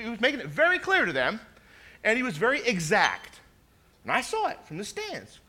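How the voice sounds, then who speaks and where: Lively, bright-voiced preaching man. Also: very high-pitched, moderate pace. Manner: animated storytelling, repeats words, acts out quoted voices. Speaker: pastor. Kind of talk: sermon.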